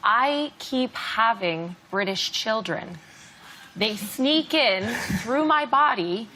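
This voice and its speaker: A woman on a comedy panel, teasing the host in a deadpan way. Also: a little high, takes it slowly. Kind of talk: stand-up banter on a panel show. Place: TV studio with a live audience. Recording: loud studio audience and noise.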